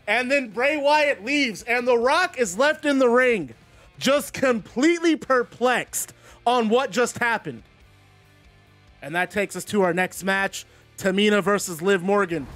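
A man narrating a simulated wrestling show as commentator, excitable and rambling. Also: very high-pitched, measured pace, dry recording, soft background music.

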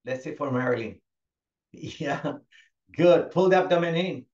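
A male fitness instructor leading a class, giving steady cues and encouraging students by name. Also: a little high, unhurried. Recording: echoey, dull lo-fi room sound.

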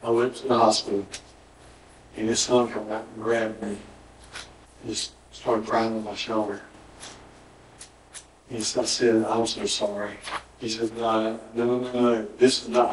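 A man's voice: on the low side, little pitch movement, a little slow, pauses often, slight background noise. A male pastor, preaching a sermon in a church and telling a story, acting out the dialogue with emphatic repetition. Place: church sanctuary. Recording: roomy church audio, mic at a distance.

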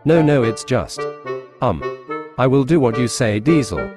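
A shy young engine who stammers and trails off, unsure of every word, as a man puts him on. His voice sits at a middling pitch. Clear music plays underneath the storybook telling. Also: very animated, a little slow. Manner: stammering, hesitant. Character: shy nervous young male new engine.

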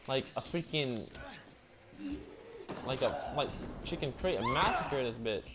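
Jumpy, profane male gamer doing let's play commentary; very animated, noisy recording. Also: medium pitch, a little slow. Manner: jumpy, profane, loud frightened outbursts.

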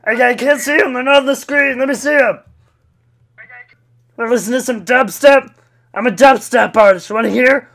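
A man voicing a brash, silly male T-rex puppet on a webcam video chat, gravelly and rowdy, shouting and making mouth noises. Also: very high voice, moderate pace, pauses often, full character voice. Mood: goofy.

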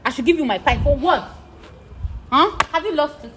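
Indignant Nigerian woman, lively pitch. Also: normal speed, noisy background. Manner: indignant, exclaiming, mixes in pidgin. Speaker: prank target. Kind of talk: heated street argument.

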